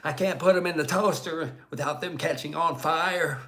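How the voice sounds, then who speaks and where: A man's voice: on the high side, moderate pace, bright, forceful tone, voice pushed up. A man putting on an impression of a panicky man ranting about chemicals in his snack pastries, with a strained, changed timbre and a frantic, whiny manner.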